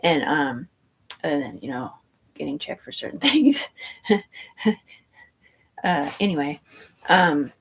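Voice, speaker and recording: A woman's voice: deep voice, lively intonation, takes it slowly, long pauses, slightly rough. A woman telling a long personal story in a rambling, tangential way, swearing freely and piling up fillers and asides. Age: adult.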